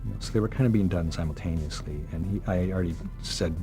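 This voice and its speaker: A man telling stories in an interview, animated and acting out what others said. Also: low-pitched, fast, over music. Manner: animated, acts out quotes. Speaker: makeup artist interviewee. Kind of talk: interview storytelling.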